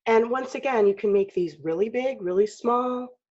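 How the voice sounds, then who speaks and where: A woman with a frog in her throat, chatty and clearing her throat often as she teaches a casual drawing lesson. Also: a little high, moderate pace, a little mellow. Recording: dull lo-fi recording.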